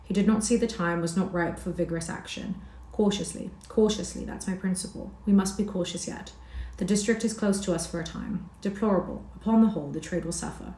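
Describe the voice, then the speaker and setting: A woman's voice: on the low side, a little fast, few pauses, dark tone, lightly acted. A woman reading the lines of a self-serving colonial station manager, prim and calculating. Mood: scheming. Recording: roomy echo.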